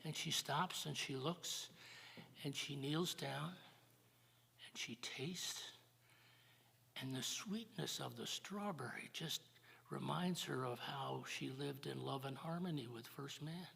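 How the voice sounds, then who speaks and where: An older man hosting a live church jazz service, announcing events and telling a folk story in a folksy, halting way. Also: mid-range voice, creaky, bright, forceful tone, breathy edge. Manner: folksy, halting, with fillers and repeats. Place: church sanctuary. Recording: live church broadcast with long reverb.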